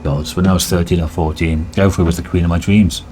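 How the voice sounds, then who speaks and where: Jaded nobleman, wistful and dry, read by a man in a very low voice. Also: fairly even intonation, fast, noisy background, lightly acted. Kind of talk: reading game dialogue aloud.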